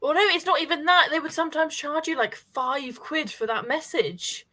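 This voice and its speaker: A woman in casual chat with friends, lively and quick to laugh. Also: high-pitched.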